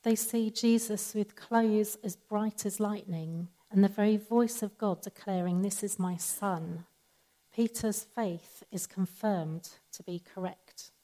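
A woman giving a sermon in a calm, measured, conversational teaching manner. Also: medium pitch, rough recording. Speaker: preacher.

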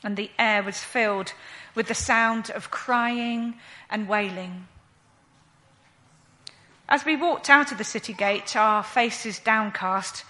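A woman playing a grieving widowed mother, telling her story in a slow, earnest first-person monologue. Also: a little high, bright, forceful tone.

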